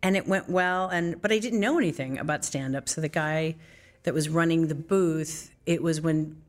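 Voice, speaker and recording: A woman's voice: low voice, moderate pace. A middle-aged woman telling stories in an interview, acting out the voices of people she quotes. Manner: lively storyteller who acts out quoted voices. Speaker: actress and comedian as guest. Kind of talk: candid interview storytelling.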